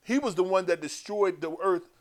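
A man preaching an animated, joking sermon that builds to loud emphatic peaks. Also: high voice, normal speed.

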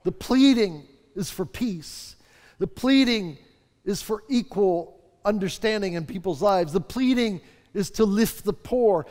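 High-voiced man preaching in reverberant hall. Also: a little mellow. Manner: fervent, preacherly, drawn-out emphatic phrases. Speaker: pastor. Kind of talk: sermon. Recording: long reverb of a large hall.

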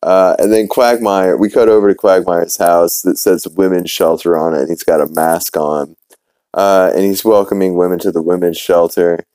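Man, young adult, from new orleans, podcast host, casual recap, rambling with fillers, low voice, smooth tone. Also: fairly even intonation, moderate pace, mellow, no echo, rough recording. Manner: rambling, many fillers, acts out quotes.

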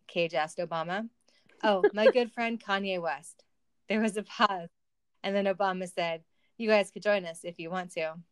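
A woman's voice: medium pitch, fairly even intonation, moderate pace, smooth, no room sound. A woman reading a silly story aloud for comedy, with wry asides and laughter. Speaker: reader of a fan story.

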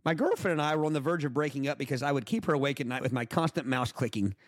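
A man reads joke reviews to his friends in a deadpan voice. The sound is dry and close, with no room around it. It is casual group talk. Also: medium pitch, racing, no room sound. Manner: deadpan reading, breaks into laughter. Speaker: host reading funny product reviews. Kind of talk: casual group chat, reading aloud.

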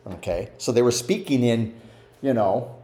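A man's voice: mid-range voice, moderate pace, dark tone. A man teaching a conversational Bible study, often asking his listeners questions and acting out quotes. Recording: roomy echo.

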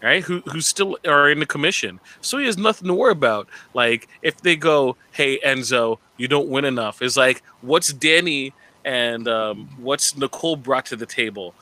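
Bright-voiced animated man. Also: mid-range voice, moderate pace, hardly any pauses, no room sound. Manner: animated, mimics contestants with slangy impressions. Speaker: podcast co-host. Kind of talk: casual chat.

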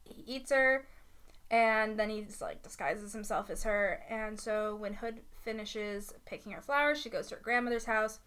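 A woman retelling a fairy tale in casual chat, giggling, saying "like" a lot and slipping into quick voices for the characters. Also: medium pitch, a bit bright, clean tone.

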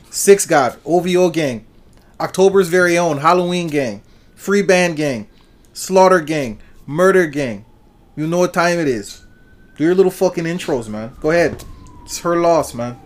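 A man's voice: a little high, moderate pace, lightly acted. A man putting on a Toronto accent to impersonate a cocky, boastful rapper, reeling off slang.

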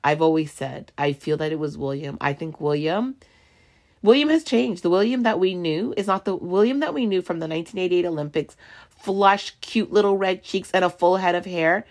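Woman podcast host with a low voice and a heated, profane ranting manner. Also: expressive, normal speed, darkish tone. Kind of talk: solo podcast rant.

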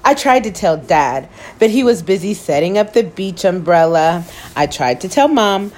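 A woman hosting story time, reading a children's picture book aloud with expressive, animated delivery. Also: lowish voice, moderate pace.

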